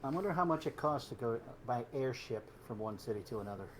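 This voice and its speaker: A man playing a tabletop game, playful and quick to laugh, planning with his party. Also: medium pitch, expressive, a little hiss or hum. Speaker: player. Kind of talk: tabletop game chat in character.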